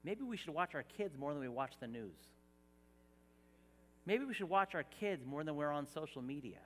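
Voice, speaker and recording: Middle-aged man, pastor in full sermon, bright, lively delivery, from hushed asides up to shouts. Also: a little high, moderate pace, in a large hall. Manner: animated, swings from soft asides to shouted emphasis. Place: church hall.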